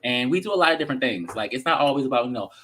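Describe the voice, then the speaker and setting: A man with a Baltimore accent co-hosting a casual chat show, sassy and animated with playful slang. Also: mid-range voice, rapid-fire. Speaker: co-host.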